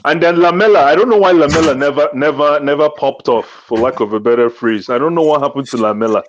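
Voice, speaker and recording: A man's voice: a little high, quick pace, slight background noise. A man co-hosting a casual football podcast, asking hesitant, stumbling questions. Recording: dull lo-fi sound.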